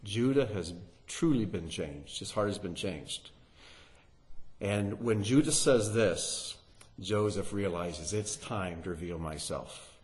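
A man's voice: sits low, lively intonation, slow, a little mellow. Man teaching a Bible passage. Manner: reads scripture aloud with rising emphasis; asks the listeners rhetorical questions.

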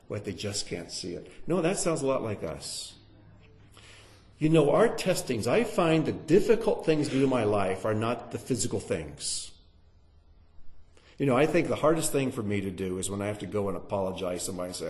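A man teaching through a Bible passage in an animated, dramatic sermon style, sometimes acting out the characters. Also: fairly low pitch, normal speed. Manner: animated, dramatic, acts out voices.

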